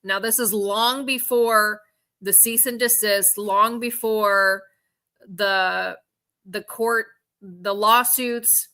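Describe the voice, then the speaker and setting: A woman co-hosting a live stream, calmly reading through screenshots and texts. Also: medium pitch, slow pace. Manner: matter-of-fact, reads out screenshots and texts. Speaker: co-host and auction seller. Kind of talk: live-stream talk walking through a timeline.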